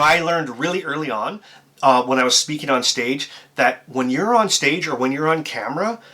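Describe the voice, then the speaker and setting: Energetic man with a bright, forceful voice. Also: a little high. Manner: energetic, amped-up, emphatic; conversational, with filler words and restarts. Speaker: YouTuber and motivational speaker. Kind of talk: to-camera tips video.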